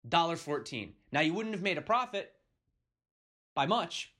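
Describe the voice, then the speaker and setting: A man's voice: on the high side, big pitch swings, moderate pace, pushed and bright. A young man hosting a crypto video, ranting emphatically at viewers and punctuating his points with "okay?". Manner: emphatic, keeps asking "okay?". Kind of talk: heated rant to viewers.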